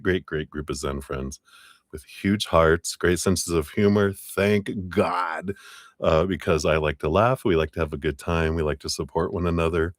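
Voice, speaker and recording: A man's voice: sits low, no room sound, studio quality. A man hosting a live tarot reading stream, chatting in an upbeat, friendly way and laughing often. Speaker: tarot reader host.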